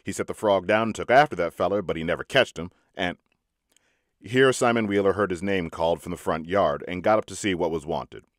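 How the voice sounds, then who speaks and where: Male audiobook reader, low voice, folksy unhurried storytelling, dry close sound. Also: no echo. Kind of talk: storytelling reading.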